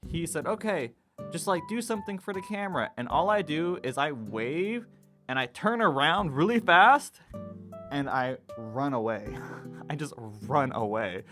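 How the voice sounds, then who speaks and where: A young man in his twenties casually telling a personal story, acting out what people said in a raised, animated voice. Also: fairly high pitch, a little slow. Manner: animated retelling, acts out quotes in a raised voice. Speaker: vlogger. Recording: guitar music playing behind. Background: guitar music.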